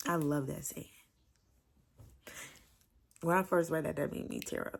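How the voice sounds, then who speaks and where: A woman's voice: low-pitched, fairly even intonation, unhurried, vocal fry. A woman giving a chatty, emotional book review, repeating herself as she gushes about the story. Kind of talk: casual book review vlog.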